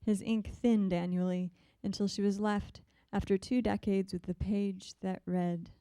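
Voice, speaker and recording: A woman poet reading her poems in a measured, deliberate way, with soft, hesitant asides between them. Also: medium pitch, little pitch movement, clear, resonant tone, no room sound. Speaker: visiting poet. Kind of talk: poetry reading.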